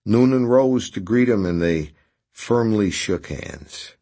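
A man reads a novel aloud in a deep, husky voice. His delivery is measured yet lively in pitch, rising and falling with the story. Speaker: narrator. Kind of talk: audiobook narration.

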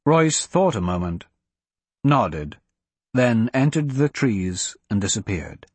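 A man narrating an audiobook in an unhurried, expressive way. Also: mid-range voice, slightly rough, no room sound. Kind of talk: scripted narration.

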